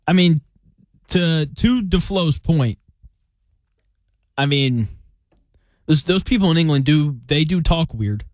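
Man, sports podcast co-host, slightly high voice, animated, dry close sound. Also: slow, pauses often, dry recording. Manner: animated, self-mocking, many restarts. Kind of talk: casual sports chat.

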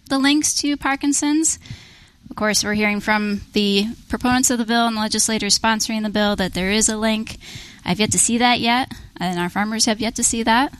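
A woman's voice: fairly high pitch, a bit bright, no echo, rough recording. A woman who is a policy director, answering interview questions in a conversational way, explaining at length with frequent restarts. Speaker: policy director for a farm group. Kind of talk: interview guest.

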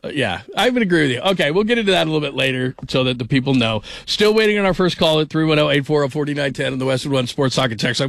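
A man's voice: fairly high pitch, expressive, racing, gravelly, few pauses, fairly bright tone, no room sound, studio quality. A man hosting a sports radio show, talking casually, rambling and laughing often. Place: radio studio. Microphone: studio microphone.

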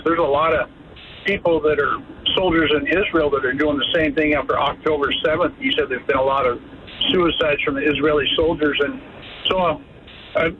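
A man's voice: a little high, slight background noise. Man in his fifties on a tinny phone line. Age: 50s. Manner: rambling, heartfelt storytelling. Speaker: caller. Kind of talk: call-in radio story.

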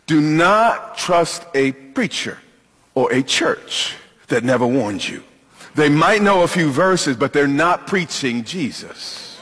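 A man preaching a sermon as pastor, emphatic, with dramatic pauses and questions to the congregation. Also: on the high side, animated, fairly bright tone, husky, long reverb tail.

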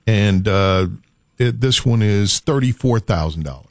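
A man's voice: on the low side, lively intonation, a little slow, no echo. A man hosting a casual talk show, spinning a playful what-if story.

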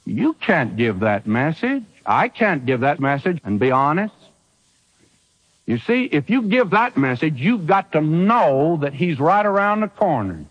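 Male preacher, high and animated, emphatic, rhetorical questions; dull lo-fi radio sound. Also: unhurried. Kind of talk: sermon.

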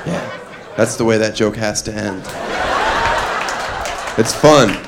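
A man doing a stand-up comedy set on a club stage, deadpan and self-amused, often laughing at his own jokes. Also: lowish voice, slow pace, a loud crowd. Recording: live club recording with background noise.

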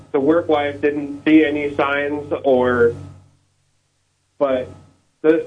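A man co-hosting a radio talk show, giving his opinion haltingly and restarting his thoughts. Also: mid-range voice, narrow, tinny audio. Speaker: radio co-host.

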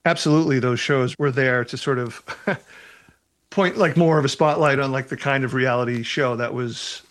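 A man who writes novels reads aloud from his book and answers reader questions in a relaxed way, laughing often. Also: medium pitch, moderate pace. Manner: relaxed, laughs often, uses fillers such as "you know".

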